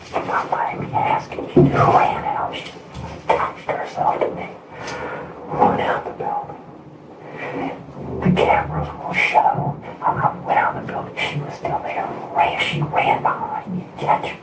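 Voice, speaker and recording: A man recounting events in a recorded interview, agitated and rambling, repeating himself. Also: a little slow. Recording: distant, roomy recording with loud noise.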